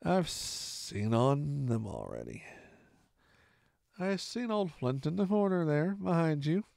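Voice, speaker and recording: A man's voice: fairly high pitch, very animated, darkish tone, no room sound, studio quality, heavily acted. A man doing a sick old drunken sea captain. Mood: pleading. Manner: slow, gruff sailor talk with heavy drawl. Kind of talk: audiobook reading.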